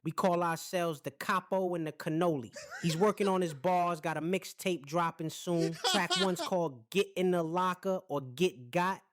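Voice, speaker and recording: A man's voice: high voice, moderate pace, hardly any pauses, close to an everyday voice. A synthetic male voice playing a brash, profane AI mobster character, boastful and hyped-up in comic banter. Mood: swaggering.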